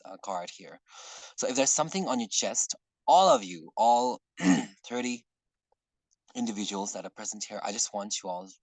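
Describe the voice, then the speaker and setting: A man's voice: fairly low pitch, no echo, low-quality recording. Earnest man leading an online workshop. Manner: earnest, rambling, often clears throat. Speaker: workshop facilitator. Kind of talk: casual online workshop talk. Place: online video call.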